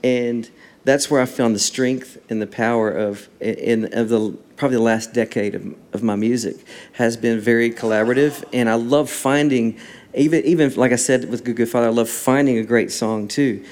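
Male guest, mid-range voice, relaxed storytelling with acted-out dialogue. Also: mid-range voice, moderate pace. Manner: animated storyteller acting out dialogue. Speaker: worship songwriter and guest. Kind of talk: casual storytelling interview.

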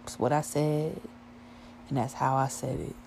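A woman's voice: extremely low pitch, fairly even intonation, unhurried, creaky, a little mellow, slight background noise. A woman in her twenties telling a casual, profane story with lots of slang.

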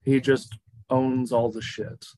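A man's voice: medium pitch, little pitch movement, slow pace, dark tone, no echo, poor audio. A man narrating as game master in a casual, loose way, with frequent fillers.

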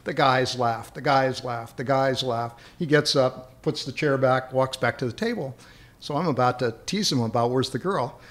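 A man's voice: medium pitch, normal speed, fairly bright tone. A man, an interview guest, telling long rambling anecdotes and chuckling as he remembers them. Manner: rambling, chuckling as he recalls stories. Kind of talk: anecdotal storytelling.

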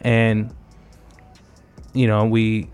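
Guy with a low smooth voice, guest on a radio show, rambly storytelling. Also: monotone, very slow, a little mellow, faint music behind. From New England. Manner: loose, storytelling, many fillers. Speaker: guest, hip-hop event organizer. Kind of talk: casual radio interview.

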